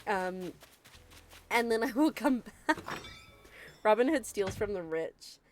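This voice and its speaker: Woman streamer, bubbly and excitable, lively pitch swings over soft game music. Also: slow. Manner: excitable, gasping and laughing often. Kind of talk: casual live-stream chat while gaming.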